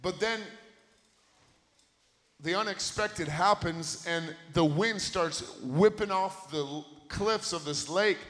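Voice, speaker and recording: A man's voice: sits high, takes it slowly, fairly bright tone. A man preaching a sermon into a handheld microphone, telling a story with building intensity and repeating key phrases. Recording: long hall reverb.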